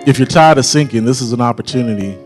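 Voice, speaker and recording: A man preaching a sermon in a church, rising into a shouted, chanted whooping cadence and drawn-out phrasing. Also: medium pitch, soft background music. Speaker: pastor. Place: church sanctuary.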